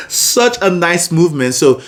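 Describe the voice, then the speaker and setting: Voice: medium pitch, animated, slow. A singing teacher giving a vocal lesson, encouraging the learner and singing short example phrases between explanations. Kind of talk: vocal lesson with sung demonstrations.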